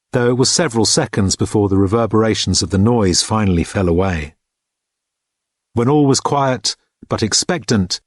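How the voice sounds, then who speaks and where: A man reading an audiobook in a measured, understated narrating manner. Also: lowish voice, breathy edge, dry recording, clean studio sound. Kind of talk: scripted narration.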